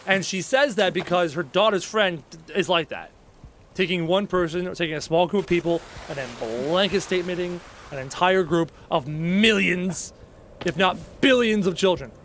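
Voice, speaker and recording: A man who is a gaming YouTuber and streamer plays a game at home and rants casually to his viewers, blunt and opinionated, repeating his main points for emphasis. His voice is high-pitched and fairly bright at a normal speed, with slight background noise.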